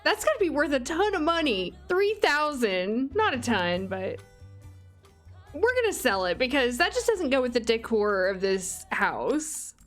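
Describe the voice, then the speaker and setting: A woman hosting a let's play, giving chatty, expressive gameplay commentary. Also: high-pitched, measured pace, faint music behind.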